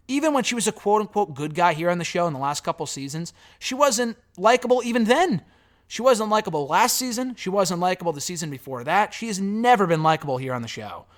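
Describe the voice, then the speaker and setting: A man giving a casual spoken review of a reality show, blunt and sarcastic, swearing freely as he recaps. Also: high voice.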